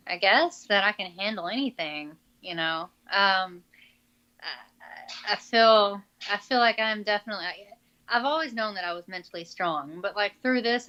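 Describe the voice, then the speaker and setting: A young adult woman fighter answering interview questions in a halting, filler-heavy casual way over a call. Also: mid-range voice, bright, forceful tone. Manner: halting, many fillers and restarts. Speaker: MMA fighter being interviewed. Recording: dull lo-fi call audio.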